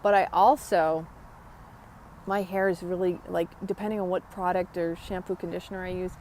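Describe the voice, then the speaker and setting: A woman's voice: on the low side, level tone, moderate pace, darkish tone, slight background noise. Chatty woman hosting a wellness live stream. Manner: chatty, rambling, greets viewers by name. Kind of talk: casual live chat about yoga and wellness.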